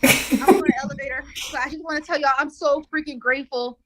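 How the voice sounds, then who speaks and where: A woman on a video call, tearful and gushing with thanks, talking fast in bursts. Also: high voice, steady tone, heavy background noise. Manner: effusive and gushing. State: tearful, fighting back tears. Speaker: workshop participant.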